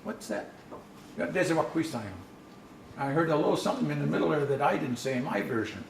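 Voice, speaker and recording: A man with a fairly high voice and vocal fry talks rapid-fire as he runs a language workshop in a conference session room. He teaches through conversational storytelling and frequently restarts. Echo, a distant mic and faint noise mark the recording.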